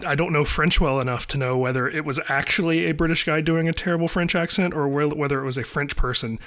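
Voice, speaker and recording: Bright-voiced man, relaxed and hesitant. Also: a little high, fast. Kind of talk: casual film discussion.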